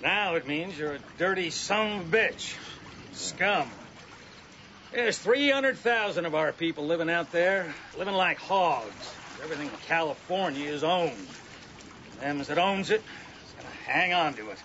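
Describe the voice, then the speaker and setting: An actor with an Oklahoma accent playing a folksy, thoughtful former preacher with a drawling, musing way of talking, on an old film soundtrack. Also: male voice, fairly high pitch, lively intonation, unhurried, pushed and bright, full character voice. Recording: dull, faintly hissy old film soundtrack.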